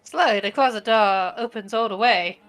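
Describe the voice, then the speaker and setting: A woman's voice: medium pitch, normal speed, fairly bright tone, faint music behind. A woman narrating a tabletop role-playing game as game master, in a playful way. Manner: playful narration, laughing between lines.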